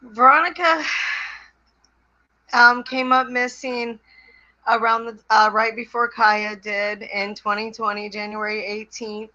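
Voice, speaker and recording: Slow, bright-voiced woman on a dull call. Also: a little high, fairly even intonation. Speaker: guest, mother of a missing woman. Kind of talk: testimony on a video call. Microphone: video call. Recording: dull lo-fi sound.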